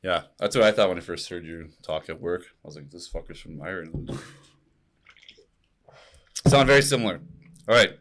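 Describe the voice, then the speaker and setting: A man's voice: deep voice, animated, quick pace, a bit bright. A young man co-hosting a casual chat, blunt and joking, swearing freely. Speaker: co-host.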